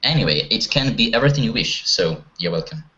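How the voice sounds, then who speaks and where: Low-voiced encouraging male teacher. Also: very animated, fast, bright, forceful tone, a little hiss or hum. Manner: encouraging, asks many questions. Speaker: language teacher. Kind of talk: online conversation class. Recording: muffled online call audio.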